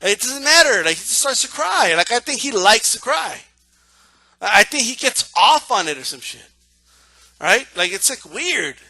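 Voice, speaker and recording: A man's voice: very high-pitched, sing-song, normal speed, sharp tone, no room sound. A man ranting casually about boxing, profane and mocking, often repeating himself and doing sarcastic asides. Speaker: boxing commentator.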